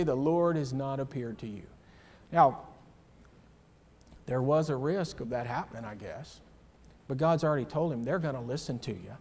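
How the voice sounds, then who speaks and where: A man's voice: on the high side, a little mellow, long reverb tail. A man teaching a church class in a sermon style, emphatic and full of rhetorical questions and personal asides.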